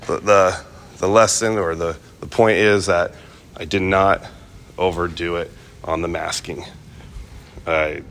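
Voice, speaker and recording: A man's voice: low-pitched, a bit bright. A man vlogging casually about restoring his car, rambling with lots of fillers and restarts. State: coughing, clearing his throat. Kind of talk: casual talk to camera.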